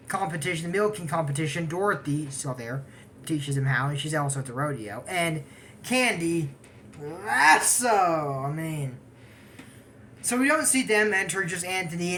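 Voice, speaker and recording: A woman's voice: lowish voice, a bit bright, a little hiss or hum. A woman casually recapping a cartoon episode, rambling off on tangents and giggling often. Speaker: anime episode reviewer.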